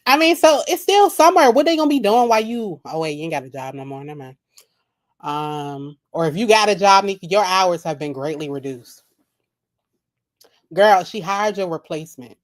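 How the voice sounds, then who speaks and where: A woman's voice: lowish voice, lively intonation, moderate pace. A woman streaming live at night and making mocking, rambling, profane comments about a video while she laughs at her own jokes.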